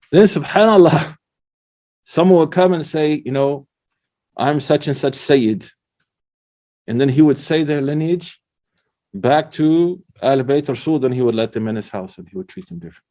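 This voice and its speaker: Speaking at a medium pitch and a slightly slow pace, this middle-aged man pauses often. He's an Islamic scholar delivering a relaxed religious talk, telling lively stories, dropping slang, and reciting quotations in Arabic.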